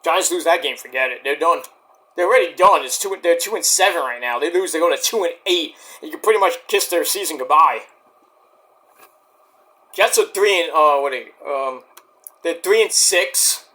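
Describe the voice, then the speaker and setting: Offering casual, off-the-cuff commentary as he watches the shows, a man describes the action to camera, drifting into asides, swearing and talking to himself. His slightly high, bright, forward voice is animated and chatty at a moderate pace.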